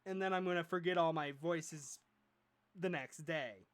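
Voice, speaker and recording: A man's voice: fairly high pitch, measured pace, clean tone. A man hosting a casual podcast chat, rambling and joking with plenty of fillers. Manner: rambling, jokey, lots of fillers. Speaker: podcast host.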